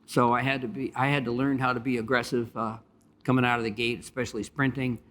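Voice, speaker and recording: A man's voice: medium pitch, flat delivery, fairly bright tone. A retired jockey speaks on a panel in a mid-range male voice. He tells his stories unhurriedly and breaks them up with fillers and restarts. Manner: storytelling with many pauses and fillers. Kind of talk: anecdotal panel talk.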